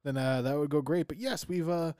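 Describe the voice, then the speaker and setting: A man's voice: on the high side, brisk, dark tone, no echo, clean studio sound. A man co-hosting a podcast in casual chat, stammering through restarts and cracking crude jokes. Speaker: podcast co-host.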